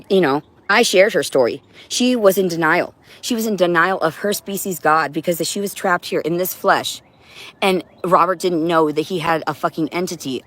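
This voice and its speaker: A woman on a livestream in an agitated, profane, rambling monologue, now and then talking to her cat. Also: lowish voice.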